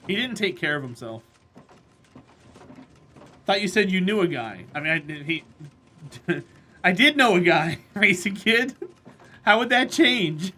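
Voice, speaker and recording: A woman gaming on a live stream, her voice clear and bright as she talks straight to her chat. She is blunt and sure of her opinions, calling out viewers by name and pushing back when they disagree. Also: mid-range voice, expressive, a little slow, pauses often.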